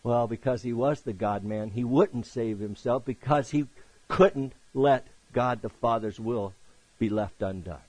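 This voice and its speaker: Husky-voiced man preaching with swelling emphasis. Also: unhurried, dry recording, poor audio. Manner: swings from loud emphatic peaks to hushed low passages. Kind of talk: sermon.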